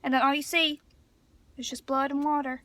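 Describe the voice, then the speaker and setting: A woman talking casually into her phone camera as a vlogger, chatty and rambling as she gets excited. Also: sits high, normal speed, no echo. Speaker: vlogger reviewing a film. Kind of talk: casual chat.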